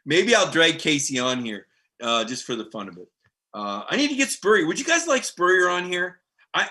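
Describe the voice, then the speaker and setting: A middle-aged sports beat writer hosting a casual live stream, animated and rambling, reading viewer comments aloud. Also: male voice, on the high side, brisk.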